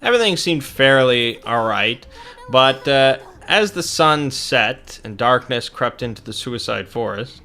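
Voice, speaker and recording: A man's voice: mid-range voice, animated, unhurried, pushed and bright. A young man recounting a tabletop game session in a rambling way, with many fillers and restarts.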